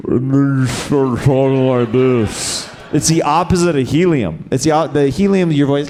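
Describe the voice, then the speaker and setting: A man's voice: medium pitch, moderate pace, hardly any pauses, dark tone. A man hosting and doing improvised stand-up on a comedy festival stage, loosely riffing on audience suggestions into a handheld mic. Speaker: host and comedian. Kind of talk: improvised stand-up and crowd work.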